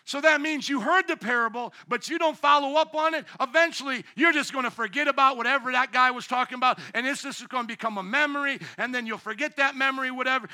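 A male pastor delivering a sermon in a high, piercing, bright tone. He preaches with animation, slipping into acted-out voices and bursting into shouts for emphasis.

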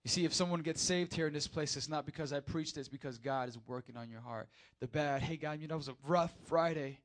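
Speaking fast in a voice on the high side, a young pastor preaches a relaxed, energetic sermon right to his congregation, moving between hushed asides and loud high points.

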